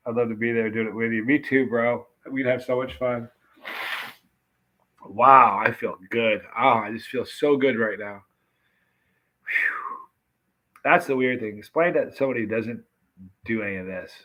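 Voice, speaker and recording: A man's voice: mid-range voice, unhurried, pauses often, sharp tone. A man hosting a live stream, chatting and reading comments while his mouth burns from a very hot pepper extract, gasping and exclaiming. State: burning mouth, hiccuping.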